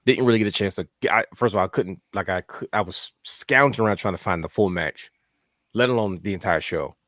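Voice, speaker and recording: A man co-hosting a wrestling podcast, telling stories in a lively way and acting out his own reactions. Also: low-pitched, brisk, dry recording, studio quality. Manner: animated storyteller, acts out his own thoughts. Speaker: podcast co-host. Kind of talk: casual wrestling chat.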